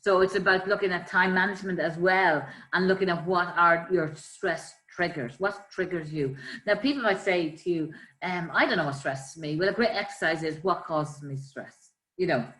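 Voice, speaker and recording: A woman, a life coach, calmly explaining ways to manage stress with everyday examples. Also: on the low side, normal speed. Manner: calm, explanatory, gives examples. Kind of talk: conversational coaching talk. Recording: roomy echo.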